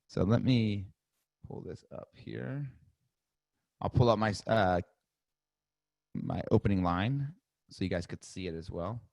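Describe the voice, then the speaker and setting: A man coaching real estate agents in a live webinar, energetic and demonstrative, often acting out sales calls. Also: on the low side, measured pace, gravelly, pauses often, dry recording, clean studio sound.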